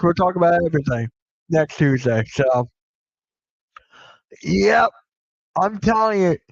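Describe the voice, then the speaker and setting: A young man hosting a casual live sports chat show, swearing freely and reacting loudly to news. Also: high-pitched, no echo, muffled recording.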